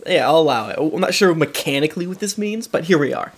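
A man's voice: on the high side, lively intonation, fast, husky. A man narrating as game master, hesitant with many fillers, who slips into voices for side characters.

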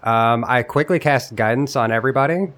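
A man playing a tabletop game, describing his character's actions in a relaxed way. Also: mid-range voice, brisk. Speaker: player. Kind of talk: casual tabletop game play.

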